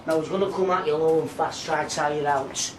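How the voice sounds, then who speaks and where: A man's voice: fairly high pitch, steady tone, quick pace, reverberant, background noise, lightly acted. An actor playing an eager young man who encourages his friend to box.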